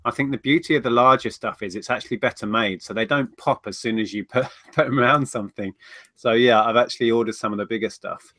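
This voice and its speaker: A man's voice: medium pitch, quick pace, pushed and bright, no room sound, studio quality. A man chatting casually on a livestream, rambling through viewer questions. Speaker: co-host of a reselling livestream.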